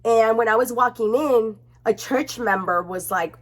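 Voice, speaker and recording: A young woman vlogger talks casually and expressively to her camera at home, her slightly high voice bouncing along as she swears freely. The sound is plain, from a camera mic in an indoor room. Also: a little slow. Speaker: beauty vlogger.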